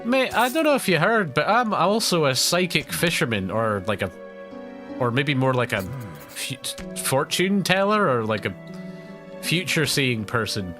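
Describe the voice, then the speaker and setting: Chatty Scottish man with a bright voice. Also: fairly high pitch, big pitch swings, moderate pace, faint music behind. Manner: rambling, chatty storytelling with frequent laughs. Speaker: gaming streamer. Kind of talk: live let's-play commentary.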